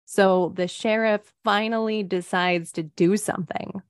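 A woman co-hosting a true crime podcast, unhurried and wry, dropping dry asides into the story. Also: mid-range voice, steady tone, smooth, no echo. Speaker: podcast co-host. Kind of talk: casual true crime chat.

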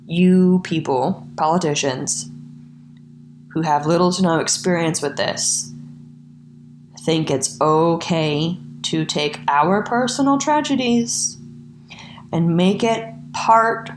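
A woman's voice: mid-range voice, a little mellow, echoey room, slight background noise. A woman hosting a true crime podcast, talking bluntly and with a lot of profanity. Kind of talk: angry rant then casual sign-off.

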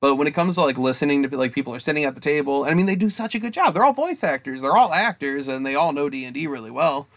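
A man's voice: on the high side, quick pace, hardly any pauses, fairly bright tone, dry recording. A man, co-hosting a podcast in rambling, casual chat and laughing often. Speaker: podcast co-host.

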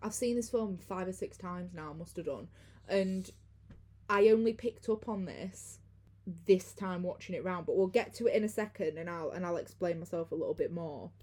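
A woman's voice: lowish voice, moderate pace, a little mellow. A young woman hosting a podcast, recapping a film in a chatty way and laughing easily. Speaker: podcast host. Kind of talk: casual film recap chat.

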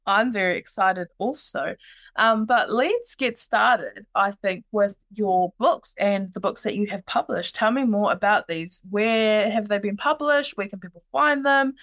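A woman's voice: mid-range voice, unhurried, a bit bright. Bubbly New woman hosting a podcast. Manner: bubbly, teasing, laughs often. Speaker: podcast host. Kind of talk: casual interview chat.

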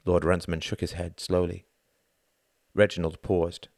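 Gravelly male audiobook narrator. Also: low voice, level tone, normal speed, darkish tone, dry recording, studio quality. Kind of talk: scripted narration.

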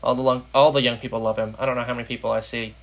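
A man's voice: medium pitch, little pitch movement, very fast, a bit bright. Young american guy on a podcast, chatty, lots of um and uh. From United States. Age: young adult. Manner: rambling, heavy with "uh" and "um" fillers. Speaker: podcast host. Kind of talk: casual political podcast chat.

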